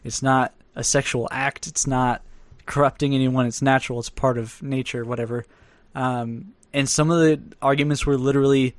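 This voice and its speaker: A young man co-hosting a podcast, talking in a loose, rambling way that breaks into laughter now and then. His voice sits at a middle pitch, close and dry on the mic with no room sound. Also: steady tone, normal speed, hardly any pauses, no room sound. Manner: chatty, rambling, laughs often. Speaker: podcast co-host. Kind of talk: casual podcast chat.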